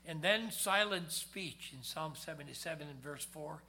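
A male preacher with a high, bright, forceful voice. He delivers a sermon with dramatic swings from loud, pressing emphasis down to hushed low tones. He slows down whenever he reads scripture aloud.

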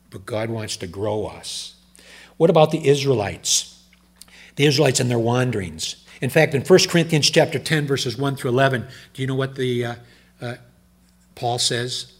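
An older man preaching a sermon, switching between loud emphatic lines and low, quiet asides. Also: husky.

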